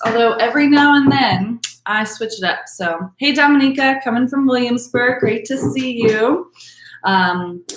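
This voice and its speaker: A woman's voice: medium pitch, fairly bright tone. A young woman, hosting a live-streamed virtual wine tasting class in an upbeat, chatty way, with lots of fillers as she greets viewers by name. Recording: echoey room.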